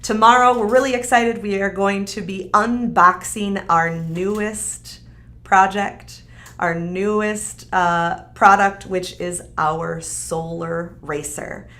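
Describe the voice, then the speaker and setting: A woman with a medium-pitched, slightly bright voice speaks slowly, her intonation fairly even. Hosting a live stream, she gives a casual, upbeat, chatty demonstration of a craft kit, often using fillers.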